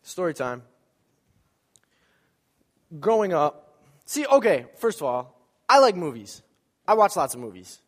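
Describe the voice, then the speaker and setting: Animated male preacher in a reverberant church. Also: high voice, measured pace, pauses often. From American Midwest. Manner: animated storytelling, acts out voices, jokes with congregation. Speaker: pastor. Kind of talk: sermon. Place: church sanctuary.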